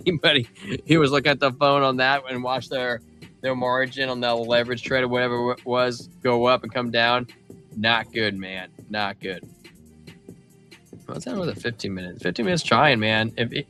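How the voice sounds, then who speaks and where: A man hosting a casual crypto livestream, running through charts in an excitable, slangy way. His voice sits at an ordinary middle pitch with a bright, forceful tone. Faint music plays underneath. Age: adult father of a young child. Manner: loose, slangy, excitable, calls listeners man and bro. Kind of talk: casual market chart commentary.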